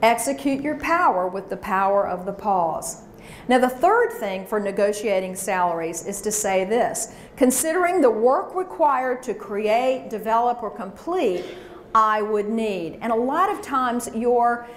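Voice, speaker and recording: Lady coaching a room full of people, kinda high voice, echoey hall sound. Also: expressive, unhurried. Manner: emphatic coaching, drills phrases with the audience. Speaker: career workshop speaker. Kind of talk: live workshop presentation. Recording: roomy echo, faint background noise.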